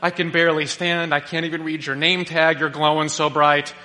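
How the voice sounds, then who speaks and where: A man's voice: a little high, level tone, a little fast, sharp tone. Man doing a flustered doubting old priest. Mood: incredulous. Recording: long reverb of a large hall.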